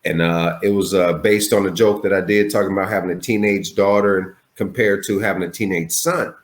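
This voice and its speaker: A man in his forties, a comedian, tells stories over a remote call in a casual, swearing way. His pitch jumps sharply when he acts out what he said, then drops back to a relaxed middle register. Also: brisk. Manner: animated, profane, jumps high for quoted lines. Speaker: comedian guest. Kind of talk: casual storytelling interview.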